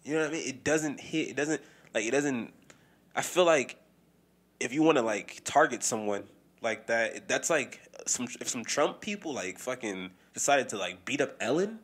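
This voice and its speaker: A man's voice: mid-range voice, moderate pace. A man co-hosting a podcast in casual, profane chat. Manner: animated, profane, mimics voices when quoting people. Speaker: podcast co-host.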